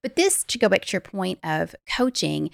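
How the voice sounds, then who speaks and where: Gravelly-voiced woman life coach. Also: on the low side, normal speed, no echo, clean studio sound. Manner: animated storyteller, laughs easily. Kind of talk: podcast conversation.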